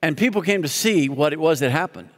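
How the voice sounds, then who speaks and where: A man's voice: a little high, lively intonation, brisk. A man preaching a sermon as pastor, reading scripture aloud and leading the congregation in call-and-response with joking asides. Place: church sanctuary. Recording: long reverb of a large hall.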